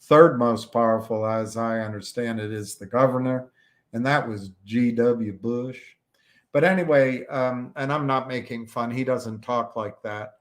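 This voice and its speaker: An American man hosts a livestream, speaking casually and slowly at a medium pitch. He rambles, with plenty of fillers and restarts.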